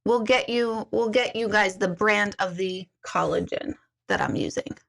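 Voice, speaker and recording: Her voice is mid-range, unhurried, creaky and a bit bright. As an intuitive hosting a live stream, she chats casually with viewers, tells stories, laughs often and reads their comments out.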